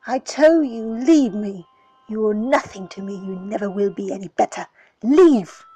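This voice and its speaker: A woman voicing a hungry, bad-tempered young boy who shouts defiantly in a storybook reading. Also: mid-range voice, slow pace, breathy edge, whispered, dull audio, full character voice. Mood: furious.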